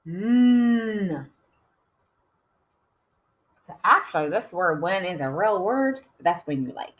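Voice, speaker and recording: A woman teaching an early-grade writing lesson, sounding out words letter by letter in a sing-song way, with sudden excited calls and soft near-whispers on quiet sounds. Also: fairly low pitch.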